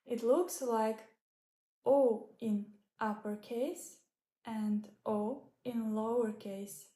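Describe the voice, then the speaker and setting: Woman, Russian native speaker, language teacher, slightly high voice, very slow and deliberate, echoey room. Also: dark tone. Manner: deliberate, spelling out sounds with example words. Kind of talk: slow, careful language lesson.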